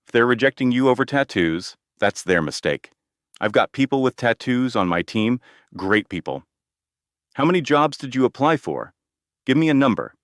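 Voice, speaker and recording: A man's voice: mid-range voice, sing-song, moderate pace, fairly bright tone, no room sound, clean studio sound, pitched above the performer's own voice. A man reading the lines of a blunt, boastful older male president, in a direct manner full of superlatives. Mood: insistent.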